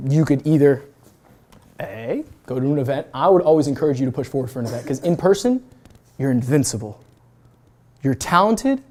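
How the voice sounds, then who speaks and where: Man, 20s, guest speaker, motivational talk, brash, swears casually, rapid delivery, lively swings in pitch. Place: university event room.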